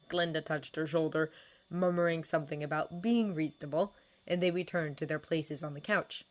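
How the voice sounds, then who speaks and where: Low-voiced woman narrating a story. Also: steady tone, normal speed. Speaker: fanfiction reader.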